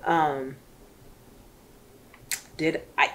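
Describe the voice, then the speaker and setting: A woman's voice: lowish voice, normal speed. A woman reviewing a book in casual chat, chatty and emotional, rambling with lots of fillers.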